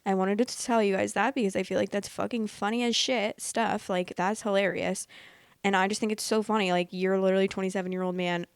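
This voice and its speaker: A woman in her late twenties hosting a podcast, chatting casually and reading posts aloud in a candid, excitable way, swearing freely. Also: mid-range voice, quick pace, clean tone, dry recording. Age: late 20s. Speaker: podcast host reading Reddit stories.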